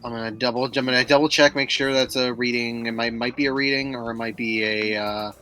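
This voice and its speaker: A man's voice: mid-range voice, steady tone, a little fast, pushed and bright, faint music behind, low-quality recording. A man hosting a charity stream, reading out donations and chatting casually with some stumbles.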